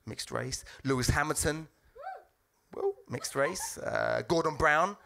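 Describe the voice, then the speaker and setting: A man's voice: slow, gravelly. A man doing stand-up, switching into put-on voices. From England. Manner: animated, jumps into high put-on voices. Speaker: stand-up comedian. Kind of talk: stand-up set. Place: comedy club stage. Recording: noisy live club recording.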